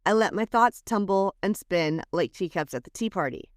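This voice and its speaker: A woman podcast host reads a scripted, reflective letter aloud in a soothing, expressive way, shifting between lifted phrases and hushed drops. Her voice is mid-range at a moderate pace, recorded at studio quality with no room sound.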